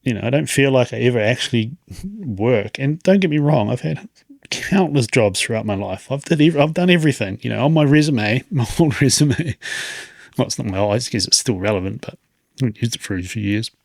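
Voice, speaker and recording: Gravelly man in his late thirties. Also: mid-range voice, lively intonation, a little fast, a little mellow, dry recording, studio quality. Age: 30s. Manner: rambling, reflective, chuckles often. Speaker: podcast host. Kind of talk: casual podcast monologue.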